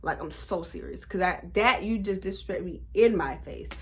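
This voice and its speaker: A woman in her twenties telling a storytime vlog in a blunt, animated, profane way. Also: lowish voice, normal speed, slight background noise. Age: 20s. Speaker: vlogger.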